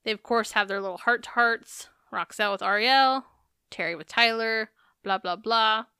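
A woman's voice: fairly high pitch, normal speed, bright, forceful tone, clear, resonant tone, no echo, studio quality. A woman co-hosting a podcast, recapping a reality show in casual, chatty talk with some swearing. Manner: chatty, profane, laughs while recapping. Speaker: podcast co-host.

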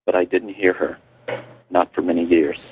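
A man from Chicago, an author, reading aloud from his memoir in a calm, measured way. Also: low-pitched, slight background noise. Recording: tinny phone-line radio audio.

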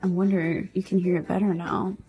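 A woman's voice: lowish voice, level tone, fairly quick, mellow. A woman vlogger chatting casually and laughing at herself while guessing songs, on a small mini microphone. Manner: giggly, self-mocking. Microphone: small clip-on mini microphone.

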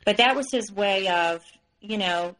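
A woman's voice: medium pitch, unhurried, fairly bright tone, poor audio. A woman, a podcast guest, frankly recounting her own experience in a loose conversational way with many fillers. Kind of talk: personal story in an interview.

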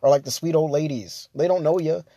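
A man's voice: a little high, a little fast, mellow, no room sound, highs cut off. A young man hosting a casual solo podcast, rambling with many fillers and restarts, chuckling between thoughts. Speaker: podcast host.

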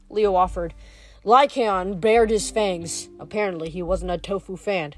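A woman reading a novel aloud, steady, with small stumbles over words now and then. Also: mid-range voice, normal speed, soft background music. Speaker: reader.

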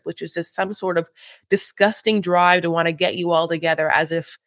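A man's voice: sits high, little pitch movement, a little fast, fairly bright tone, no echo, studio quality. A man co-hosting a podcast, recapping reality TV in a campy, sassy, gossipy way. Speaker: podcast co-host. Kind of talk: casual reality TV recap chat.

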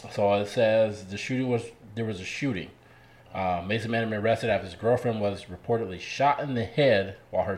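A man with a fairly low voice co-hosts a casual podcast. He reads a report aloud plainly and matter-of-factly, dropping in uhs and ums as he goes. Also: darkish tone. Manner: plain, matter-of-fact, with uh and um fillers. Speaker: podcast co-host.

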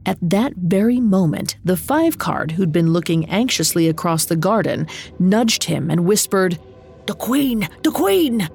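A woman reading a storybook aloud in a calm, measured, expressive narration. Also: fairly low pitch, gravelly, a little hiss or hum. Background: soft music.

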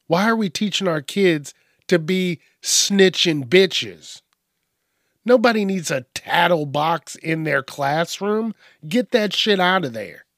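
Man, podcast host, crude comedic rant, rough gravelly voice, dry close sound, higher-pitched. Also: lively intonation, slow pace, a bit bright, no echo. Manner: profane, mocking, acts out whiny voices.

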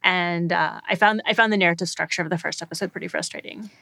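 Woman guest on a podcast, thinking out loud, lots of ums, dry sound. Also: lowish voice, quick pace, creaky, no echo. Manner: hesitant, thoughtful, frequent ums. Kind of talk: casual podcast chat. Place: shared recording room.

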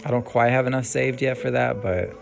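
A young man hosts a rambling solo podcast over background music, his mid-range voice gravelly and fairly even in intonation. He talks fairly quickly yet still trails off casually, with frequent ums and sighs.

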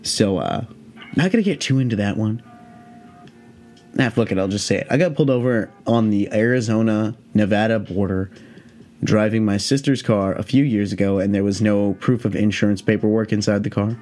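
Laid-back, low-voiced young man rambling. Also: normal speed, a little mellow, soft background music. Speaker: podcast host. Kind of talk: casual storytelling monologue.

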